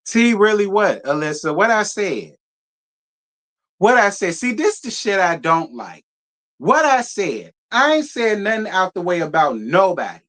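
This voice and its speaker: A commentary host reacts to a feud, pressing listeners with repeated rhetorical questions. The voice swings widely in pitch and sits at a middle register. The delivery is challenging and insistent. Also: very animated, measured pace, a bit bright.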